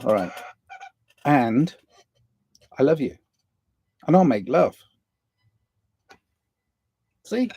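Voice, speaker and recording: A man muses aloud on his livestream about inner balance and kindness. He speaks slowly and unhurriedly, with a mellow, dark tone. The sound is dry and close, with little room echo. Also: medium pitch, very animated, husky. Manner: slow, musing, drifting between soft and emphatic. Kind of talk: rambling spiritual monologue. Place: indoors near a window.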